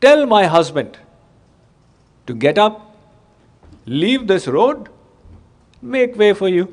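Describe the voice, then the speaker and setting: A man voicing a grieving widow who argues sharply back at a sage, his voice raised higher and louder than his own. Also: sing-song, slow pace, exaggerated voice. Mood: challenging. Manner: pleading, then sharply arguing.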